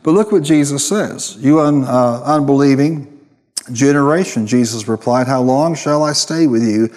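A man's voice: medium pitch, normal speed, a little mellow. Man preaching in an echoing hall. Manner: emphatic, calls for responses from the congregation. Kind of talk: sermon.

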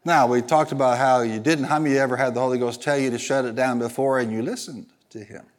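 A man's voice: medium pitch, fairly even intonation, quick pace. A man preaching a sermon as pastor, telling stories with a laugh and calling the congregation to answer back. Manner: calls for congregation responses, storytelling with laughter.

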